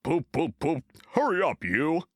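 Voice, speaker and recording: A man voicing a big, proud express engine who speaks in stern, booming calls in a storybook reading. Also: sing-song, a little slow, a bit bright, no echo, studio quality, full character voice. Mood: cross.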